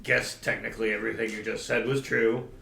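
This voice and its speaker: A man's voice: lowish voice, little pitch movement, brisk, creaky, heavy background noise. A man playing his character in a tabletop game, talking hesitantly with many restarts. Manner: hesitant, stumbling. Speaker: player. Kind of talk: casual tabletop role-play. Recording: echoey room with music behind.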